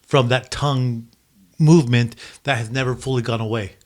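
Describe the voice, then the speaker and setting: A man's voice: mid-range voice, fairly even intonation, moderate pace. A man who spoke Spanish as a child, with a slight lisp, co-hosting a casual chat at home and rambling as he explains history. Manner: rambling, repeats words while explaining history. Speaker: co-host. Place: home in New Mexico.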